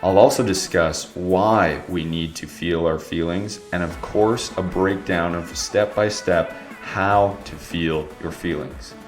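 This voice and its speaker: Young male podcast host, very low voice, stuffed-up and nasal, earnest and reflective, roomy echo. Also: steady tone, slow, hardly any pauses, soft background music. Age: young adult. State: congested, nasal from allergies. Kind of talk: solo podcast talk.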